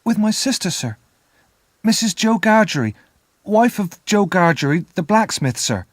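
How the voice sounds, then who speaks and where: Scared little boy voice, high and shaky, pleading, a man putting it on, dry sound. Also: big pitch swings, unhurried, no echo. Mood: frightened. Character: frightened young boy, timid and polite. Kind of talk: audiobook character voice.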